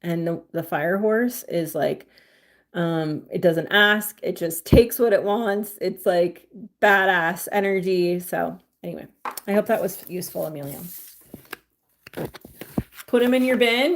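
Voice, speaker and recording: A young woman chatting casually on a livestream, giving tarot readings to viewers, full of "like" and "um" fillers and warm pet names. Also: fairly low pitch, measured pace. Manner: chatty, filler-heavy with frequent "like" and "um", affectionate to viewers. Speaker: livestream tarot reader and crystal seller.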